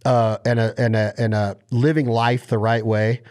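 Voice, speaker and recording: Excitable male podcast host. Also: medium pitch, normal speed. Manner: enthusiastic, animated storyteller. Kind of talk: casual interview chat.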